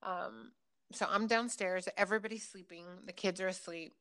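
A woman's voice: medium pitch, normal speed. Chatty woman telling a story. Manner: chatty, many fillers, lively retelling. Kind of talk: casual chat, storytelling.

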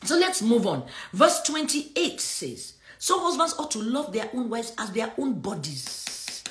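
A middle-aged woman delivers a sermon, her fairly high voice rising and falling in wide, lively swings as she drives her points home. She reads scripture aloud and slips in laughs between her lines. The sound carries a noticeable echo from the room. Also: measured pace, a little hiss or hum. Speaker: preacher hosting a livestream. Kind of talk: sermon teaching with scripture reading.

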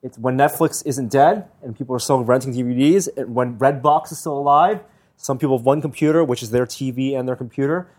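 A man co-hosting a podcast, chatting casually and explaining industry details with quick confidence. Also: medium pitch, a little mellow. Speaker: podcast co-host. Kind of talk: casual tech chat.

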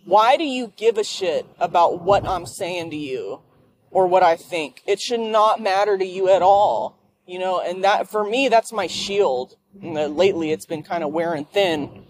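A woman's voice: on the low side, unhurried, a little mellow. A woman ranting and swearing in a rambling monologue while she drives home. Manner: profane, ranting. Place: car.

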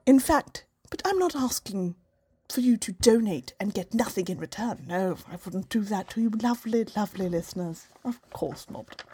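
Woman hamming up a hushed, husky, posh British lady, genteel and sultry. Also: mid-range voice, animated, normal speed. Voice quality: quiet and sultry. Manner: genteel, overly polite appeal. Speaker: podcast host.

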